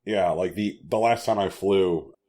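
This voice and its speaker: A man's voice: sits low, unhurried, mellow. A man co-hosting a podcast, joking bluntly and crudely in casual chat. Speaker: podcast co-host.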